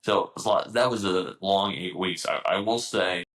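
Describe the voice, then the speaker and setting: A young man in casual conversation, telling stories bluntly and peppering them with swearing. His voice sits low for a man. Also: moderate pace, a bit bright, poor audio. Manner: profane, blunt, storytelling. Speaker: guest, air force intelligence analyst. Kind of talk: casual chat.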